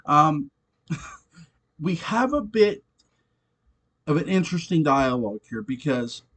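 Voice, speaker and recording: Animated man swearing through a review. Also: fairly high pitch, slow. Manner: animated, swears often, laughs between points. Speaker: show reviewer. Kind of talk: casual episode review.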